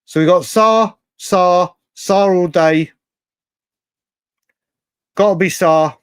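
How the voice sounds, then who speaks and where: A man hosting a live fan show works through viewer comments, animated and repetitive, letting the occasional swear word slip. His high-pitched voice is clear and resonant, his pace slow, and there's no room sound.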